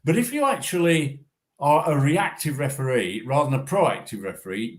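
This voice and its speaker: An older man, a former referee assessor, talking through refereeing in a measured way, often repeating and restarting his words. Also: mid-range voice. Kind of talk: casual discussion.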